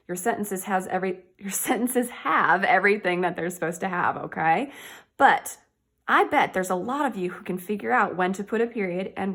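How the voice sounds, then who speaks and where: Woman, teacher, early-grade lesson, sounds out words slowly, encouraging. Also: medium pitch, gravelly. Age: adult.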